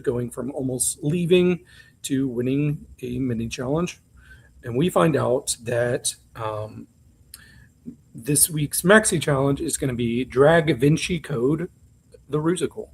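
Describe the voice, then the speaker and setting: Husky-voiced man chatting casually. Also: a little high, darkish tone. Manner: chatty, candid, with frequent ums and asides. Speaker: podcast co-host. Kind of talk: casual chat recapping reality TV.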